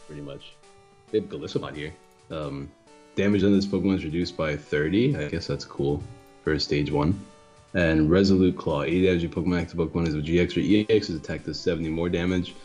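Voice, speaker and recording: A man hosting a casual card game review, laid-back and low-key, chuckling often. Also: quick pace, darkish tone, soft background music. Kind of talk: casual chat.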